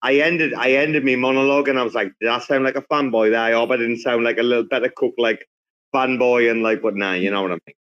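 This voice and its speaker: A man's voice: mid-range voice, fairly even intonation, fast, fairly bright tone, highs cut off. A man from England hosting a casual group chat, rambling with lots of fillers and restarts. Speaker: host. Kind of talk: casual group chat on a live audio space.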